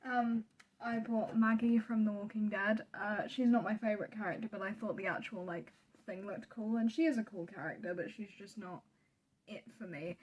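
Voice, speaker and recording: A woman's voice: mid-range voice, steady tone, moderate pace, slightly rough, highs cut off. A young woman, chatting casually and laughing at herself while vlogging a trip on her phone. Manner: chatty, giggly, self-deprecating. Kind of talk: casual travel vlog. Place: train, busy streets and hotel room. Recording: noisy street and train background.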